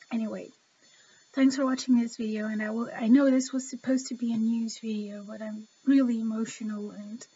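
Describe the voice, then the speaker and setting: A woman's voice: fairly high pitch, little pitch movement, normal speed, long pauses, warm tone, breathy edge, lo-fi sound. A woman giving an impassioned, emotional opinion vlog, talking straight to the viewer. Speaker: vlogger.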